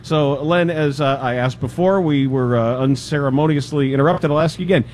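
Male sports radio host, wry banter, slightly high voice. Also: fairly quick, darkish tone, slight background noise.

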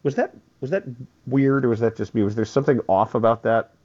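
A man's voice: mid-range voice, a little fast, a little mellow, highs cut off. A man hosting a casual sports talk radio show, rambling and repeating words as he laughs his way through listener texts.

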